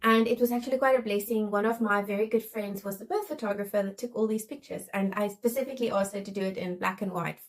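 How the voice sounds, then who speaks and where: A woman's voice: mid-range voice, fairly even intonation, fast talker, few pauses, poor audio. A woman in her thirties, a midwife, telling her own birth story in a candid, emotional way and acting out her worried thoughts. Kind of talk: casual storytelling to camera.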